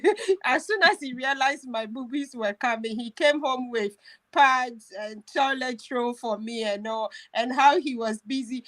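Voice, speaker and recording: A woman's voice: sits high, measured pace, a bit bright. A woman telling a personal story in casual chat, emotional and laughing as she goes, with many restarts. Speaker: host.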